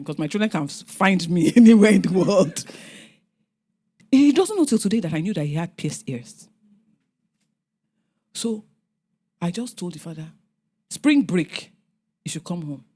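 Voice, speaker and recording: A middle-aged woman with a Nigerian accent, telling family stories on a panel and acting out what her relatives said. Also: on the low side. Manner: animated, acts out family members' lines. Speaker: guest speaker. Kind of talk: storytelling on a panel.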